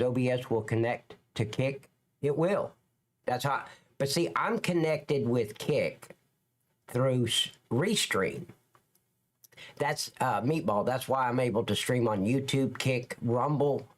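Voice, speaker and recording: A man with a Southern Alabama accent, hosting a livestream in a joking, rambling way and talking to his chat viewers by name. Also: medium pitch. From lower Alabama, US. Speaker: livestream host.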